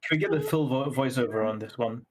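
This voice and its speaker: A man co-hosting a casual group chat show, exclamatory and animated. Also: medium pitch, fast talker, low-quality recording. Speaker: podcast co-host.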